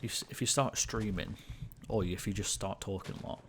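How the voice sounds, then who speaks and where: A young man in his late teens, with a croaky voice, chatting casually and rambling through a gaming livestream. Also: fairly low pitch, moderate pace, noisy background. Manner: rambling and chatty, with frequent fillers and swearing.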